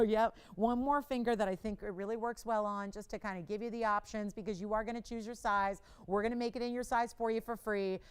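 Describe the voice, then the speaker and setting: A woman hosting a live shopping channel, chatting upbeat through a jewelry sales pitch and talking to operators and callers from a studio lapel mic. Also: smooth. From Los Angeles. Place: television studio.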